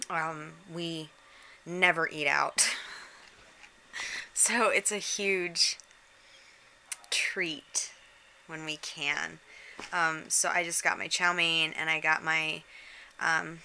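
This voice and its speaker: A middle-aged woman with a low yet bright, sharp-edged voice talks casually into a handheld camera while lying in bed. She sounds drained and unwell, and her words come out weary. A faint hiss sits under the recording. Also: creaky, low-quality recording. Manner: tired, drained, talking from bed. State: unwell and worn out. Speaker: vlogger. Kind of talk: casual vlog chat. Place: bedroom, in bed.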